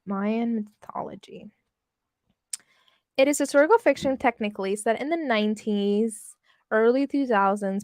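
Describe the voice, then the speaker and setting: A woman's voice: mid-range voice, no room sound, clean studio sound. A young woman chatting casually with her livestream audience, laughing often and swearing freely. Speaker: livestream host reading with chat. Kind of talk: casual chat.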